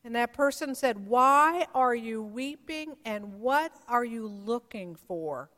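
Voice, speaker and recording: A woman pastor preaching a sermon in a church, telling the story slowly and reflectively with dramatic pauses. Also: fairly high pitch, animated, a bit bright. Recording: long reverb of a large hall.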